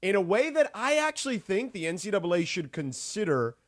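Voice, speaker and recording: A man co-hosting a sports talk radio show, lively and playful, teasing his partner with a chuckle. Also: high-pitched, fairly quick, no echo, studio quality.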